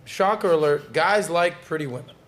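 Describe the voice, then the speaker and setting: A man's voice: a little high, normal speed. A man hosting a casual podcast chat, upbeat and joking as he steers the talk. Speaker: podcast host.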